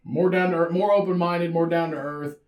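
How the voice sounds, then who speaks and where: A man's voice: on the high side, a little fast, roomy sound. A man co-hosting a podcast, chatting casually and joking, often restarting his sentences. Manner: joking, animated, restarts a lot. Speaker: podcast co-host. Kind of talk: casual chat.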